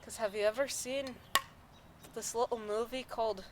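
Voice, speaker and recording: A woman's voice: a little high, steady tone, normal speed, background noise. A young American woman in casual banter, teasing and laughing as she tries out an Irish accent. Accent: American attempting Irish. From United States. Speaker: co-host. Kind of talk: casual chat.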